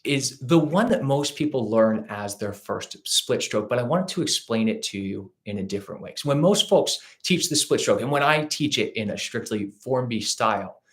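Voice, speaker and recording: A man's voice: medium pitch, lively intonation, normal speed, few pauses. A man teaching a live ukulele strumming lesson, explaining patiently and counting and chanting rhythms aloud as he claps. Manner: patient, explanatory, asks rhetorical questions. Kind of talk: live-streamed music lesson.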